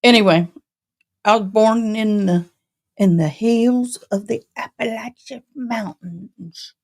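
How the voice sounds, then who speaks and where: A Southern woman in her forties with a mixed Tennessee and Texas accent hosts a casual live stream. She talks at a slow, unhurried pace, and her voice has a gravelly, fry-edged texture. Her manner stays folksy and chatty as she greets viewers by name. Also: mid-range voice, a little mellow. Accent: mixed East Tennessee and Texas Southern. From Tennessee, raised in Texas. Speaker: livestream host.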